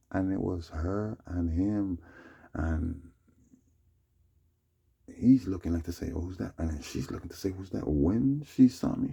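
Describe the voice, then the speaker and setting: Man, very deep voice, gravelly, husky, dark tone, rambling storytelling, casual vlog. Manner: meandering, fills with "you know what I'm saying" and "man". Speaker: vlogger.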